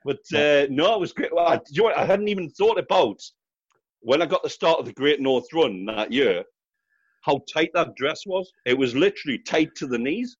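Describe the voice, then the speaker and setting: A man's voice: on the high side, lively intonation, moderate pace, husky, no echo, muffled recording. A middle-aged man with a Geordie accent, a guest on a casual interview, telling stories and laughing often. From North East England. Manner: chatty storyteller, laughs often. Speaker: guest, charity fundraiser runner.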